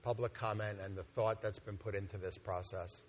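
A man with a somewhat low voice gives a conference presentation at a meeting. He explains things in a conversational, unscripted way, often pausing with "um" and restarting phrases. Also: fairly even intonation, a little hiss or hum. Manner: conversational, with frequent fillers and restarts. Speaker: organization executive presenting a plan.

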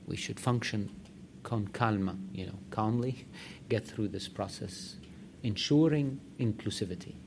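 A man's voice: fairly low pitch, a little slow, noisy background. A man executive giving direct, emphatic remarks to a meeting. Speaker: organization executive addressing a meeting. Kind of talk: conference remarks.

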